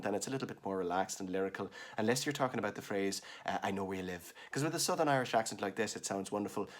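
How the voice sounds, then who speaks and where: A man's voice: fairly low pitch, fairly bright tone. A man, a voice artist, doing a comic monologue that hops between accents. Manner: quick, jokey, slipping between accents. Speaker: voice artist, host.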